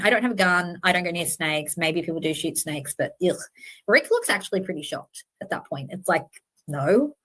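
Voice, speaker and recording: A woman's voice: fairly low pitch, fairly bright tone. A woman hosting a true-crime channel, talking casually to her viewers in an earnest, self-correcting way with many fillers.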